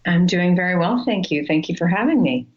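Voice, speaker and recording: Woman, psychologist guest, measured and articulate, very low pitch, muffled sound. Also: animated. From Wisconsin. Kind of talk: interview answers.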